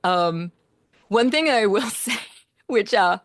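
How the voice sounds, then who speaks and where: A woman's voice: mid-range voice, slow, no room sound, studio quality. A woman in her forties with an Australian accent, a composer giving a casual talk to a choir, telling stories with lots of laughs and fillers. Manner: animated storytelling with frequent laughs and fillers.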